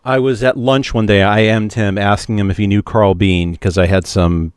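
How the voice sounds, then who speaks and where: A man's voice: lowish voice, steady tone, moderate pace, smooth, no room sound, studio quality. A man co-hosting a podcast, blunt and wisecracking in casual chat. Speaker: podcast co-host.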